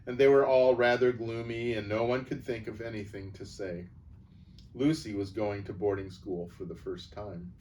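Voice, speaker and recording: A man calmly reading a children's novel aloud as storyteller. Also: lowish voice, normal speed. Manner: calm, even storybook reading. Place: church setting. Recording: distant mic, faint background noise.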